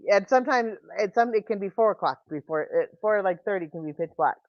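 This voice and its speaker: A woman's voice: medium pitch, lively intonation, brisk, dry recording, highs cut off. A woman chatting with a friend on a video call, rambling and restarting her sentences. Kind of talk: casual chat.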